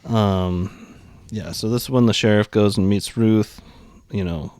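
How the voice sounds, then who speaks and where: A man's voice: fairly low pitch, a little slow, darkish tone, dry recording, studio quality. A man co-hosting a podcast, recapping a TV episode in casual chat with lots of filler ums. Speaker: podcast co-host.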